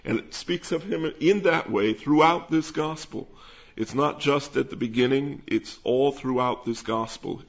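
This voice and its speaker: A man preaching, teaching verse by verse through a Bible passage at an unhurried pace. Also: medium pitch. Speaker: pastor. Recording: dull lo-fi sound.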